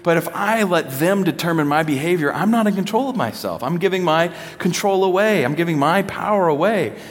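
Man in his thirties, animated sermon delivery, slightly high voice, long hall reverb. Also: brisk. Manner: animated, acts out children's voices. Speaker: speaker addressing a congregation. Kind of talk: sermon with personal stories.

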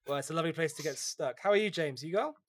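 A young man hosts a casual tabletop gaming chat, talking fast and a touch high for a man. He tends to repeat words as he goes. His voice sounds close and dry, with no room around it. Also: animated, no room sound. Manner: quick, chatty, repeats words. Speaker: podcast host.

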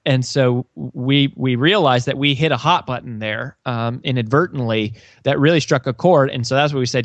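A man's voice: medium pitch, normal speed, hardly any pauses, dry recording. A man, an author and sales coach, answering an interview in an earnest storytelling way, with many restarts. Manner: earnest, frequent restarts and fillers.

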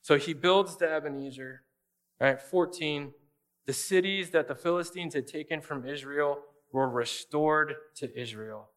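A man's voice: a little high, unhurried, fairly bright tone. A man preaching a sermon as a pastor, conversational and emphatic, often speaking straight to his listeners.

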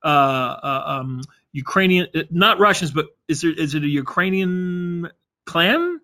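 Bright-voiced older man, animated. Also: on the high side, a little slow. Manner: animated, laughing, stumbling over words. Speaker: actor guest. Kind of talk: casual interview chat.

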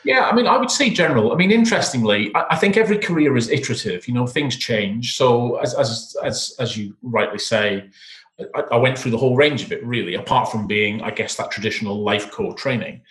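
A man with a Scottish accent, a founder speaking as a guest on a podcast interview over a video call, relaxed and rambling. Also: medium pitch, a little fast. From Scotland. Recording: echoey room on a call.

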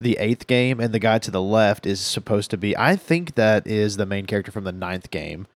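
A man chatting casually on a podcast, retelling scenes and acting out characters with animated voices. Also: on the low side, moderate pace, no room sound. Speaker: podcast co-host. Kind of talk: casual chat recapping a manga.

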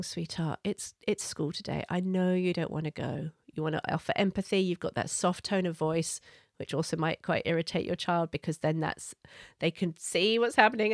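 A woman's voice: medium pitch, dry recording, studio quality. Earnest woman parenting coach. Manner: earnest, gentle, conversational with small laughs. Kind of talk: parenting advice talk.

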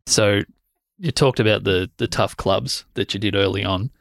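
Low-voiced man asking rambling questions. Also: moderate pace, gravelly, no echo, studio quality. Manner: rambling, rephrases his questions. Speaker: interviewer. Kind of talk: casual interview questions.

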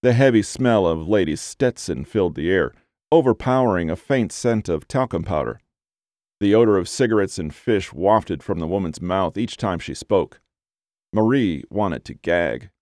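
Low-pitched guy narrating a novel, steady even pace, dry studio sound. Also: normal speed, no room sound. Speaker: audiobook narrator. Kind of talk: scripted narration.

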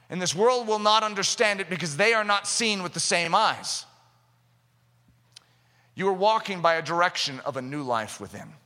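A man preaching a sermon in an animated way, acting out little scenes and quotes in different voices. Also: high voice. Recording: long hall reverb.

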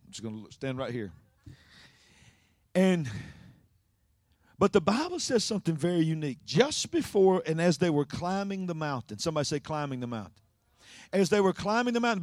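A man preaching a sermon in call-and-response style, swinging from loud to hushed. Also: fairly high pitch, dry recording, studio quality.

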